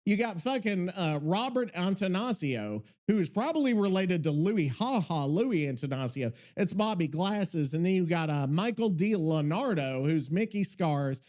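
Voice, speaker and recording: Male podcast host, excitable and rambling, heavy swearing; high, very lively voice. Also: moderate pace, hardly any pauses. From Missouri. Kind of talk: casual podcast chat.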